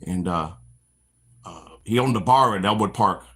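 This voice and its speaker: A man's voice: on the low side, moderate pace, slightly rough. A middle-aged man from the Chicago area, hosting a walk-and-talk stream and telling long rambling stories from his past while out on a walk, acting out the voices of the people in them. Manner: animated storyteller, acts out quoted voices, frequent restarts. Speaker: stream host. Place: outdoors on a walk.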